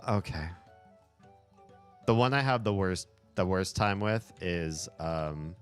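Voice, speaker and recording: A man with a very low voice chats casually on a livestream. He is animated, laughs often and swears when frustrated. Soft music plays faintly in the background. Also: takes it slowly, clean tone. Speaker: streamer.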